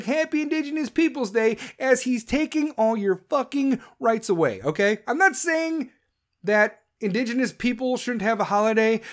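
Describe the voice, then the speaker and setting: Profane, rambling male podcast host. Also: high voice. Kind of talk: solo podcast rant.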